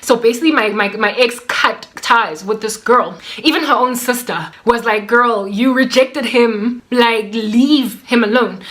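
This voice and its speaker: A woman recounts a personal story to camera, chatty and animated, with plenty of fillers. Her voice sits a little high and sounds bright and forceful. She acts out the lines of the people in her story. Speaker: vlogger.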